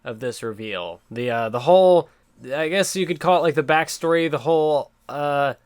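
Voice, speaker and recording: A man with a smooth, resonant voice co-hosts a casual podcast. The sound is dry and close, with no room around it. He hesitates and gropes for the right words before he gets his point out. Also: fairly high pitch, normal speed, no echo. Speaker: podcast co-host. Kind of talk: casual chat about manga.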